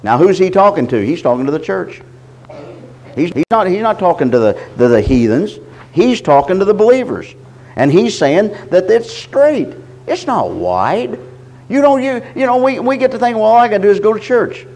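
A middle-aged man preaching a sermon, reading scripture slowly and deliberately, often stopping to repeat his words. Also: high-pitched, big pitch swings, a little mellow, low-quality recording. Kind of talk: sermon teaching.

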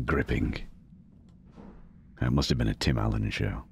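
A young man hosting a horror game let's play, deliberately keeping his voice low and quiet so he doesn't set off the mic, muttering casual, swear-laden commentary as he plays. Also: creaky, slight background noise. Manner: hushed, talking low to keep quiet. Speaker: gaming channel host.

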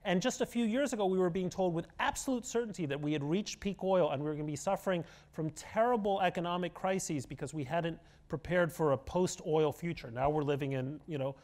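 A middle-aged man being interviewed onstage, his voice sitting a little high for a man. He tells his stories with relish and argues his points emphatically. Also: a little fast, few pauses, a little mellow. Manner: storytelling, emphatic, argumentative. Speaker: guest columnist. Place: auditorium stage before an audience.

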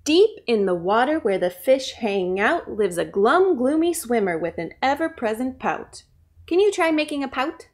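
A woman leading a children's story time at a library. She reads aloud in a sing-song way and stops to ask the children questions. Her voice sits a little high and swings widely up and down. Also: very animated, moderate pace.

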